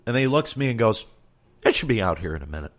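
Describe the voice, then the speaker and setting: A man's voice: on the low side, very animated, very fast. A man doing a comedic storytelling monologue, exasperated and profane, acting out both sides of the conversations he recounts.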